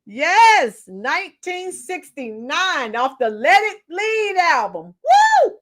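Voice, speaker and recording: Her high, fairly bright voice is very animated even at a slow pace. She is a woman in her fifties, a schoolteacher hosting a laid-back livestream, reading the chat, talking with viewers, and occasionally singing.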